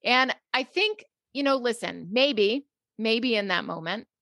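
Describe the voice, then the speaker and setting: A middle-aged woman, a psychologist guest, telling a personal story candidly in a relaxed interview. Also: a little high, a little slow, vocal fry, no room sound, studio quality. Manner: candid, conversational, many fillers.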